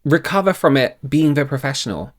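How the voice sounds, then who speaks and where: A man's voice: medium pitch, expressive, brisk. A man hosting a reaction video, blunt and opinionated, swearing casually as he comments. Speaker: reaction channel host.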